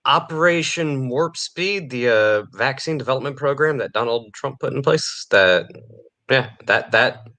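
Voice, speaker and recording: A man co-hosting a casual banter podcast, his voice bright and forceful. He picks apart news items with dry sarcasm and often chuckles between his points. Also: mid-range voice, expressive, unhurried. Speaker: podcast co-host.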